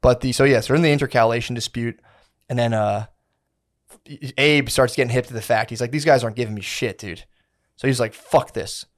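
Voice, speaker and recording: A man of middle pitch co-hosts a podcast, telling a story in loose, slangy chat. He swears freely and drops into little voices for the people he describes. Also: brisk. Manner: rambling, slangy, profane, acts out quotes. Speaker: podcast co-host.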